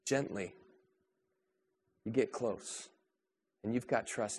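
Male pastor, sermon delivery, rhetorical questions, soft to raised. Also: on the low side, slow, pauses often, breathy edge.

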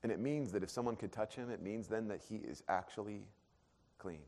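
Earnest pastor in a reverberant hall. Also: male voice, lowish voice, a little fast. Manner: earnest, swings from hushed to emphatic. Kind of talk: sermon. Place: church auditorium.

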